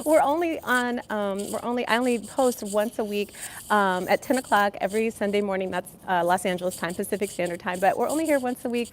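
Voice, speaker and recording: A woman hosts a casual health livestream from home in Los Angeles, talking into a headset mic. Her voice sits a little high, and she is bubbly and affectionate, greeting chat viewers one by one with pet names and blown kisses. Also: slight background noise. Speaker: livestream host.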